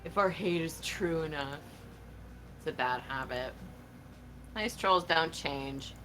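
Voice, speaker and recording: A woman voicing a cool, tough young female troll in a game, with a low-key, offhand drawl. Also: slow, pushed and bright, soft background music, heavily acted. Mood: world-weary. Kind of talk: reading game dialogue aloud.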